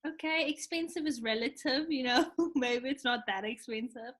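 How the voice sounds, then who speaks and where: Young woman, from South Africa, high voice, podcast co-host, animated storytelling. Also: normal speed. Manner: animated, acts out quoted dialogue. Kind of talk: casual storytelling chat.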